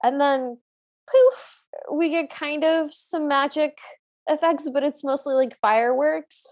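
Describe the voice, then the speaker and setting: High-voiced woman, frank podcast co-host. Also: fairly even intonation, measured pace. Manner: earnest, opinionated, frank about likes and dislikes. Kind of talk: casual chat.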